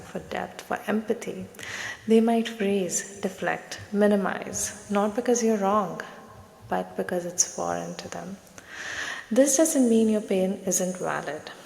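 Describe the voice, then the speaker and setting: A woman psychotherapist speaks gently and soothingly in short, measured phrases. Her voice carries a gravelly fry. The room around her is echoey, with a long reverb. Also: medium pitch. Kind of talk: reflective therapy talk to camera.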